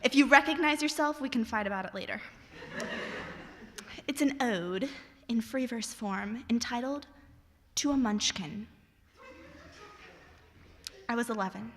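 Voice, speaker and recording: A woman's voice: a little high, measured pace, long pauses, fairly bright tone. A young woman reading her own poems and stories aloud to an audience, with wry, self-mocking asides between pieces. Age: young adult. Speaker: student reader. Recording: long hall reverb.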